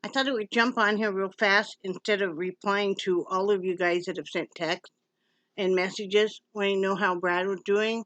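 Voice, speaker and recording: A woman's voice: medium pitch, steady tone, normal speed, a bit bright, no echo, muffled recording. A woman from Wyoming giving a rambling, emotional personal update at home, with many restarts. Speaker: vlogger.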